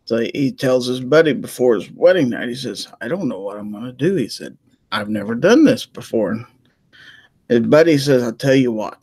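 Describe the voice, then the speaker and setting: A man's voice: medium pitch, lively intonation, moderate pace, darkish tone, breathy edge, dry recording. A man telling jokes in casual chat, checking in with his listeners with a folksy "okay?" between lines.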